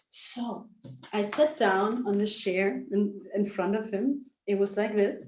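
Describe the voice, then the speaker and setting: A woman telling a personal story in a casual interview, emotional and halting, with many restarts, over a video call. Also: a little high, a little mellow, echoey room. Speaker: interview guest, actress.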